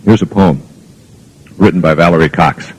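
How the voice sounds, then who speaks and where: A man's voice: deep voice, normal speed, breathy edge, rough recording. A man giving a spoken lecture to an audience as a motivational speaker, telling anecdotes in an earnest, reflective way with plenty of fillers. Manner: rambling anecdotal storytelling with fillers.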